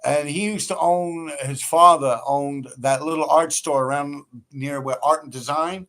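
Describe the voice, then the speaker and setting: A man's voice: fairly high pitch, fairly even intonation, unhurried, a bit bright. A man who tells stories in a rambling, profane way on a livestream he hosts, laughing often. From New York City. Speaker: livestream host. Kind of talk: casual storytelling.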